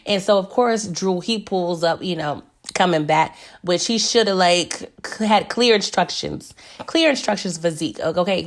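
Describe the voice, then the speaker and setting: A woman recapping a TV episode in casual chat, chatty and laughing, talking straight to her viewers. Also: fairly low pitch. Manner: chatty, animated asides to viewers, laughs often. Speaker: TV recap vlogger.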